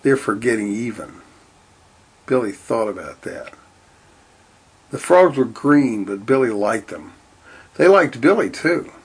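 A man reading a storybook aloud in a steady, deadpan way. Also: medium pitch, unhurried, long pauses, breathy edge. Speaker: narrator.

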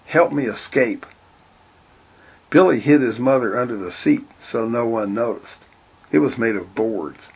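A man reading a children's-style story aloud in a deadpan, matter-of-fact way. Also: mid-range voice, normal speed, gravelly, slightly rough. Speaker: narrator.

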